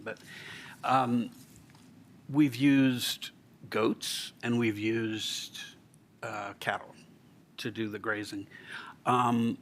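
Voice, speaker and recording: A man on a city council, his voice low and gravelly, asks questions slowly and haltingly, stopping often for ums and restarts. A faint low rumble sits under the recording of the meeting room. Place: council chamber.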